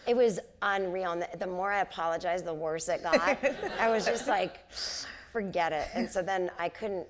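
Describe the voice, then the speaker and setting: A woman in her forties tells stories in a relaxed onstage conversation, her voice set a little low. She acts out the people she quotes as she goes, picked up by a stage microphone in a theater. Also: normal speed, a crowd in the background. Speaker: comedian and author, interview guest. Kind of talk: casual onstage conversation, storytelling. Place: theater stage before a live audience.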